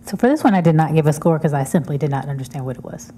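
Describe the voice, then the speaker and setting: A woman's voice: deep voice, animated, rapid-fire, dark tone, slight background noise. A woman on a city committee speaking conversationally and asking questions. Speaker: committee member. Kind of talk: committee meeting discussion.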